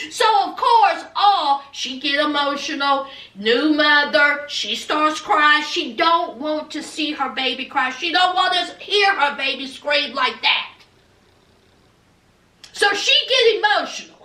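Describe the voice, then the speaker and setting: A very high, bright voice from a woman recapping reality TV in an unhurried, sassy way. She talks like she's gossiping with her viewers and keeps calling them honey. The sound is roomy and echoey, with the mic set back from her. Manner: sassy, dramatic, calls viewers honey and y'all. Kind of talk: casual commentary to viewers. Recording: echoey room, mic at a distance.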